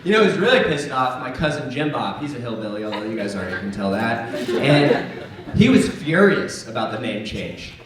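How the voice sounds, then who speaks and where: A young man doing a stand-up comedy set on a club stage, sardonic and animated, jumping into voices. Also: mid-range voice, moderate pace, distant mic. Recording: echoey club with crowd laughter. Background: crowd laughter.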